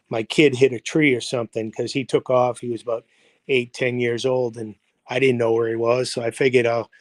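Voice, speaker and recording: A man's voice: medium pitch, no echo, rough recording. A man in his seventies from the United States, a football coach telling long anecdotes in an interview, with many fillers and acted-out quotes. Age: 70s. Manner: rambling, full of fillers and quoted dialogue. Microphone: video call livestream.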